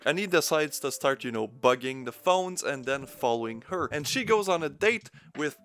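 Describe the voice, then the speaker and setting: A man's voice: a little high, expressive, normal speed, hardly any pauses, a bit bright. A man giving a casual, crude, sarcastic film review while mildly tipsy, swearing often. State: mildly intoxicated.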